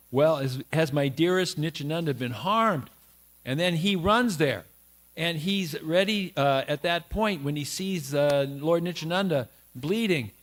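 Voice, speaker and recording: A man giving a morning scripture class at a temple, retelling a sacred story loosely with many pauses, fillers and restarts. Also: on the high side, a bit bright. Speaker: class speaker. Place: temple hall.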